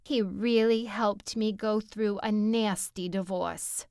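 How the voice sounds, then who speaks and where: A woman's voice: medium pitch, steady tone, takes it slowly, a little mellow, no room sound. A woman voicing a brash, self-absorbed woman on a date, with a Bronx accent and a gushing, over-eager way of talking.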